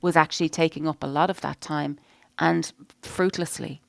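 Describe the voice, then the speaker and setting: A woman's voice: deep voice, steady tone, normal speed, gravelly, no echo. A middle-aged woman co-hosting a podcast in casual chat, rambling and frank, dropping lots of "you know"s and the odd swear. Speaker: podcast co-host.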